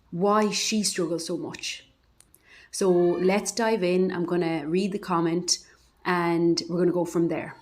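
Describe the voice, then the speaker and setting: A woman's voice: lowish voice, no echo. A woman from Ireland co-hosting a podcast, speaking frankly and reflectively about her own struggles, sometimes swearing. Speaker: podcast co-host. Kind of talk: candid personal monologue.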